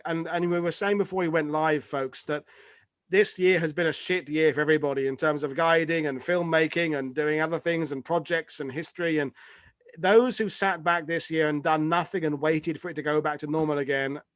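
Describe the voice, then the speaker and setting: A man's voice: fairly high pitch, fairly bright tone, no echo, clean studio sound. A man hosting a live online history chat, rambling and joking, with casual swearing, on a video call.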